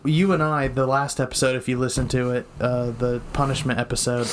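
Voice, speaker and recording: A young man co-hosting a podcast at home, talking in a loose, rambling way full of ums and restarts. His pitch sits in the middle range, and a faint hiss stays under the voice. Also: flat delivery, fairly quick. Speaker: podcast co-host. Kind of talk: casual chat. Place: home room.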